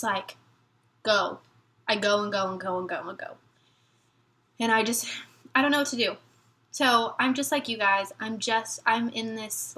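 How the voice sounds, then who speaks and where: Bright-voiced woman, halting and tearful. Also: mid-range voice. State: near tears. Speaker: military spouse vlogger. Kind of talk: emotional personal vlog talk.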